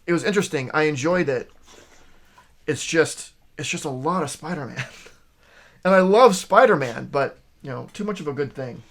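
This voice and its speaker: A man's voice: fairly high pitch, animated, normal speed, a bit bright. A man casually reviewing a stack of new comic books, rambling and enthusiastic, with lots of fillers and restarts. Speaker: comic shop video host.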